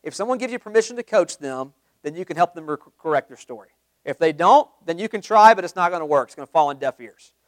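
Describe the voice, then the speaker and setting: A man giving a live sales training talk to a group, energetic, quizzing the room with questions and acting out sample calls. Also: fairly high pitch, quick pace, dry recording. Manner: acts out sample phone calls.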